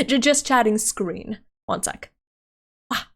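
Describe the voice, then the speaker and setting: A woman's voice: on the high side, big pitch swings, slow, slightly rough. A woman VTuber streamer chatting casually on a live stream, giggly and rambling, her voice tired and wearing out. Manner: giggly and rambling, with many restarts.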